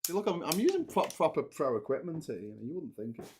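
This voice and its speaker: A man's voice: a little high, very animated, quick pace, noisy background. A man hosting a live stream, chatting casually and jokily while he builds a model, with plenty of swearing and laughter. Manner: rambling and jokey, swearing, laughing often.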